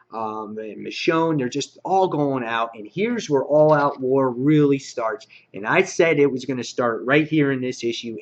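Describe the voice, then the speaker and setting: An excited man talks through a comic issue in a loose, rambling vlog style. His pitch sits in an average range, and he keeps slipping in fillers. The sound is dull and lo-fi. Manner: rambling and excited, heavy on fillers and acted quotes. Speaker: comic book reviewer. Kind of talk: casual review vlog. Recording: dull lo-fi recording.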